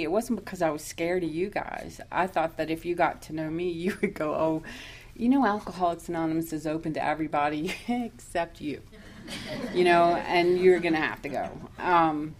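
A woman telling her own recovery story at a meeting, candid and self-mocking, laughing often as she talks. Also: sits low. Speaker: recovery speaker.

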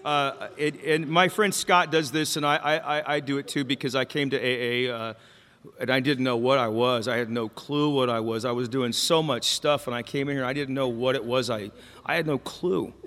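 A Mexican-American man gives a personal testimony at a recovery meeting, frank about his own story and playful with jokes and questions to the crowd. His mid-range, fairly bright voice stays fairly even in intonation at a moderate pace, with long hall reverb.

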